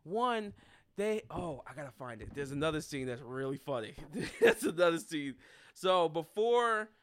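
A young man co-hosting a casual podcast, his voice high and bright with lots of lift and fall. He swears freely and keeps breaking into loud laughter, talking at an unhurried pace. Faint music sits underneath. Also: sing-song, clear, resonant tone, no echo. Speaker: podcast co-host reviewing a film. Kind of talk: casual chat.

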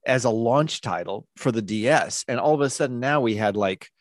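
A man's voice: medium pitch, unhurried, no echo, studio quality. A middle-aged man being interviewed about his work in music and sound design, telling stories casually and rambling, with many restarts and fillers.

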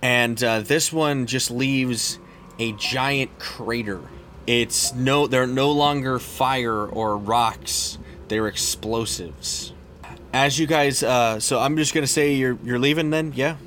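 A man's voice: mid-range voice, slow, fairly bright tone, slight background noise. A man narrating a tabletop role-playing game as game master, rambling with many fillers and restarts.

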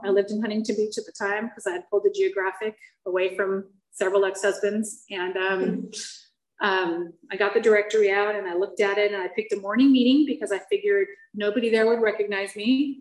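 A middle-aged woman sharing her recovery story with an audience. She tells it candidly and with self-mocking humor, and she falters with fillers and restarts at the painful parts. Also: mid-range voice. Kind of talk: personal testimony to a listening audience. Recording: echoey room.

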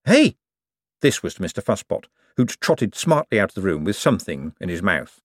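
A man narrating an audiobook in an expressive, comic reading style. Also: deep voice, a little fast, dry recording, clean studio sound. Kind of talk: scripted narration.

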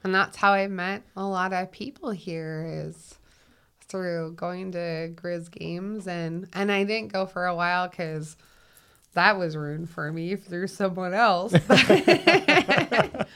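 A woman with a Minnesotan accent, a guest talking in a reflective, unhurried way and laughing easily. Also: lowish voice, steady tone, fairly bright tone, smooth. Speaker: guest, 911 call taker and dispatcher. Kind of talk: casual conversation.

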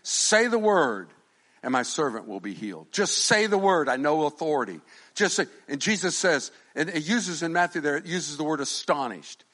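Man preaching with shouts and quiet asides. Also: on the high side, expressive, moderate pace. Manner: jokes with the congregation. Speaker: pastor. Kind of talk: sermon.

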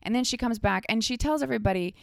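A woman's voice: fairly high pitch, quick pace, gravelly, no room sound, clean studio sound. A woman guesting on a podcast, telling stories casually and animatedly with lots of "like" fillers. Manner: animated storytelling, many "like" fillers. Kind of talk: casual chat.

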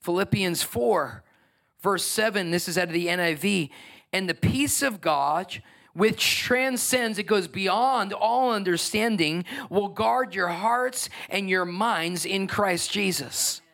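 Man, pastor, sermon, high voice, emphatic, conversational preaching. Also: slow, creaky. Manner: emphatic, conversational preaching with swings from soft to loud.

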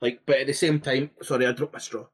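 A man co-hosting a podcast, telling a story in a relaxed, rambling way with lots of fillers and swearing. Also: mid-range voice, quick pace, husky. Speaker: podcast co-host.

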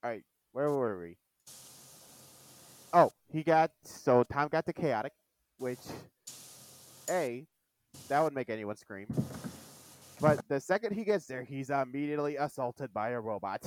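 Smooth-voiced man hosting a podcast. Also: mid-range voice, unhurried, long pauses. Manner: animated, retells scenes with quoted lines. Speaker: podcast host. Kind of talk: casual chat recapping a cartoon.

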